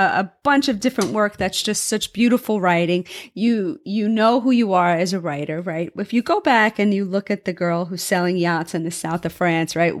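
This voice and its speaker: A woman hosting an interview, asking chatty, encouraging questions. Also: mid-range voice. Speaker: interviewer, host. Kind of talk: conversational interview.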